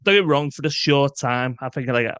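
A man's voice: mid-range voice, animated, brisk, fairly bright tone, clear, resonant tone, dry recording. A British man co-hosting a music podcast, talking casually and bluntly, swearing freely. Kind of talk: casual chat.

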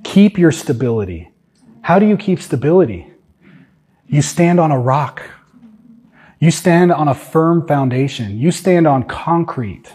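A man's voice: a little high, expressive, measured pace, long pauses, a little mellow, slightly rough. A man preaching an earnest sermon as a guest preacher in a church, emphatic and full of rhetorical questions to the congregation.

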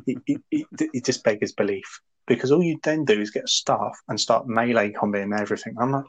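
A man ranting in casual podcast chat, animated and laughing as he mocks a game. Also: mid-range voice, moderate pace, poor audio. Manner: ranting, animated, laughs a lot, mock voices. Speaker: podcast co-host.

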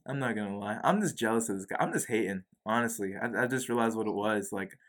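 Laid-back young man with a low voice. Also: fast, a bit bright. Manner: laid-back, joking, says "bro" often. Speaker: podcast co-host. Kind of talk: casual chat.

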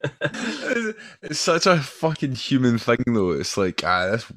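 A man's voice: medium pitch, huge pitch swings, slow, a bit bright. A man co-hosting a casual podcast chat, blunt and laughing, swearing as he talks. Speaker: podcast co-host.

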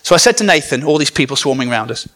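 A man from northern England rattles off a sermon in rapid-fire fashion, expressive and a bit bright in his mid-range voice. He keeps it conversational and comic, with storytelling and asides to the congregation.

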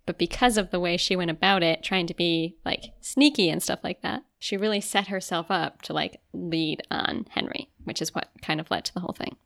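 A woman's voice: lowish voice, moderate pace, creaky, hardly any pauses, a bit bright, no room sound, studio quality. A young woman co-hosting a podcast in casual chat, talking loosely with lots of "like" fillers and easy laughs. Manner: chatty, many "like" fillers, giggly. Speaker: podcast co-host.

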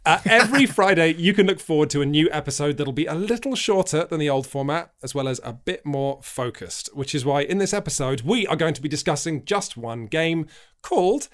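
A man's voice: fairly high pitch, fairly quick. A man hosting a casual podcast and introducing his co-hosts with jokes. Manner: playful, jokey, animated. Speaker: podcast host.

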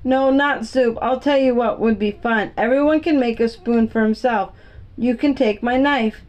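A woman reading a children's book aloud, voicing a calm, friendly grown man in a slightly lowered voice. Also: normal speed, lo-fi sound, lightly acted. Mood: easygoing.

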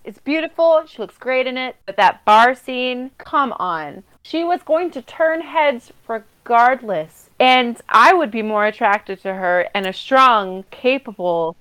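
A woman co-hosts a casual film podcast. She talks in an animated, emphatic way and swears freely as she makes her points. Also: a little high, measured pace, hardly any pauses, clear, resonant tone, rough recording. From United States. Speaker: podcast co-host.

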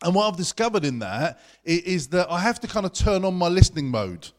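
Pastor, young man, high-pitched, chatty sermon style, church service. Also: big pitch swings. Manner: chatty and conversational, talks fast.

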